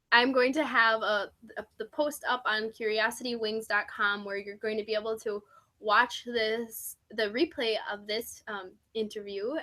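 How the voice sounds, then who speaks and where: A woman from the United States hosting an interview, talking in an effusive way with lots of fillers. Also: on the high side. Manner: warm, effusive praise with many fillers. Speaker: interview host. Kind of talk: casual interview chat.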